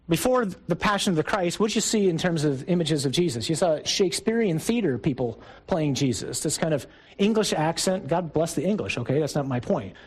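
Speaking to a group of men, a middle-aged priest delivers a sermon-style talk that is conversational yet emphatic, breaking into rising bursts. His voice is a little high and husky, and the recording is rough.

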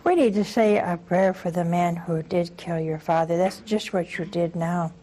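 Older nun, call-in host, husky voice, earnest storyteller who acts out her anecdotes. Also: fairly low pitch, moderate pace, mellow, poor audio. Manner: earnest, with acted-out anecdotes and repetition. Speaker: nun hosting a call-in show. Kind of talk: call-in religious talk with storytelling.

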